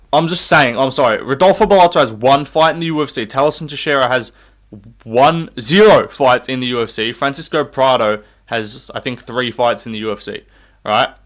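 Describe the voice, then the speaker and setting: A young man, giving his fight picks in a rambling, profane, opinionated solo rant while standing up to record. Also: mid-range voice. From Australia. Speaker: MMA fight predictor.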